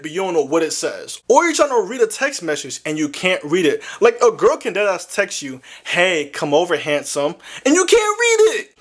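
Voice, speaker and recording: A young man with a fairly high voice hosts a casual video game. His pitch swings widely as he talks. He is animated and slangy, and breaks into loud exclamations often. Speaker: gaming video host. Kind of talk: casual commentary to camera.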